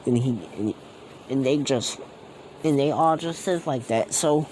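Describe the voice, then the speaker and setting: A man's voice: medium pitch, a little slow, a little mellow, slight background noise, low-quality recording. A man telling a fan-made story off the cuff, rambling and slangy, with many fillers and restarts. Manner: slangy and casual.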